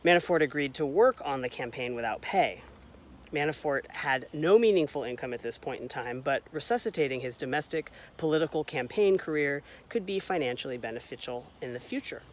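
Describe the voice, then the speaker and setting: A man reading a long report aloud in a casual way, reading out the footnote numbers, correcting his own slips and adding wry asides. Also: on the high side. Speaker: reader of a report.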